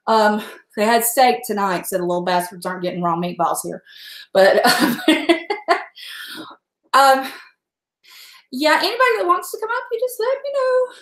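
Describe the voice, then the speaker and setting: A woman talks loosely and frankly at home while she cooks for her viewers, with a salty word now and then. Her voice sits a touch high. The room around her is echoey. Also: very animated, moderate pace, pauses often, a bit bright. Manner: chatty, rambling, frank and salty. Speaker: home cook livestreaming. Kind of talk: casual chat while cooking.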